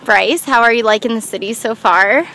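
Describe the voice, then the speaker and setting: A woman's voice: a little high, normal speed, pushed and bright. Giggly young woman vlogging outdoors. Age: young adult. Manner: giggly, playful, teasing. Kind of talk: casual chat. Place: outdoors in a city.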